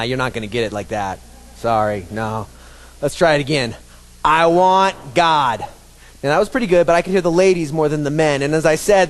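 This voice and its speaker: A pastor preaching a sermon to his congregation, emphatic and repetitive, leading the room in call-and-response. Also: fairly high pitch. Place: church sanctuary. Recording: long hall reverb.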